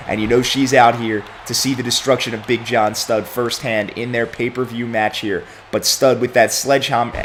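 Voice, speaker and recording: A young man calls a video game wrestling match in a mock announcer style, his medium-pitched voice jumping up to near shouts on the slams and pins. Between the moves he rambles through long storyline recaps. A faint hiss runs under his desk mic. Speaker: play-by-play commentator for his own game series. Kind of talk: mock wrestling play-by-play commentary.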